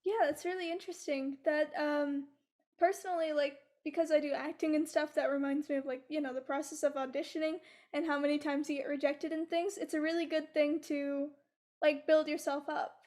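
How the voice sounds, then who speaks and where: A woman's voice: sits high, little pitch movement, fairly quick, a little mellow. A woman interviewing a guest in a friendly, encouraging way. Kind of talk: casual interview.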